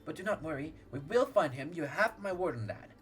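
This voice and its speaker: A man's voice: fairly high pitch, expressive, brisk, faint music behind, close to an everyday voice. A man voicing a stiff, formal guard officer, reading game dialogue aloud. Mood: assuring. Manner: formal and apologetic.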